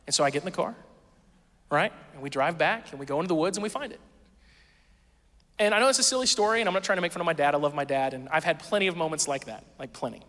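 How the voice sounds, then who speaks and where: A man's voice: a little high, quick pace, pauses often, a bit bright, big-room sound. A male pastor preaching a sermon in a conversational, storytelling way, acting out quoted voices.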